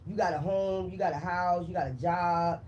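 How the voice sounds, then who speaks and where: A man's voice: high-pitched, steady tone, normal speed, darkish tone, muffled recording, a little hiss or hum. A man giving a casual, profane tarot reading straight to the viewer, emphatic and laughing between lines. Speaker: tarot reader.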